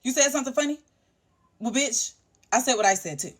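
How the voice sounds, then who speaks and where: A woman's voice: high-pitched, brisk. A woman from the United States in a casual, profane rant, blunt and defiant. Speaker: speaker in a clip.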